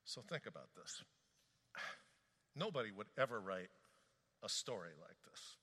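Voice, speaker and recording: A male preacher with a bright, forceful tone talks through scripture in a conversational, animated style. His pitch swings widely, and his voice sits a little above the usual for a man. Long reverb from a large hall trails behind every phrase. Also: measured pace, long pauses, slightly rough. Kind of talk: sermon.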